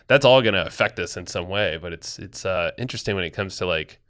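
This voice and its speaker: Low, bright, clear-voiced male podcast host. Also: fast. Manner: rambling, loose, lots of restarts and fillers. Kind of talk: casual podcast chat.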